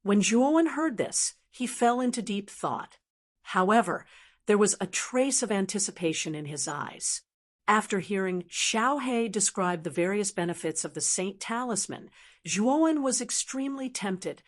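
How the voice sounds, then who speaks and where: A woman's synthetic voice reading an audiobook in even, steady scripted narration. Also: medium pitch, unhurried.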